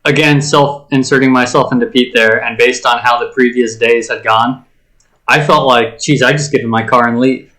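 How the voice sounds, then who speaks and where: A man with a bright, forward voice reflects on a film's characters during a podcast chat. He reasons aloud and often restarts a sentence before finishing his thought. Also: mid-range voice, fairly even intonation, moderate pace, low-quality recording. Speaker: podcast co-host. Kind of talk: casual movie discussion.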